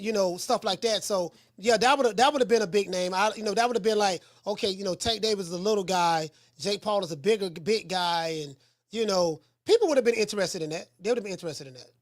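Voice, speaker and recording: A man hosting a call-in boxing talk show, chatting in a relaxed, rambling way that circles back and repeats points. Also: high-pitched, a little fast, no echo, studio quality. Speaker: boxing coach and show host.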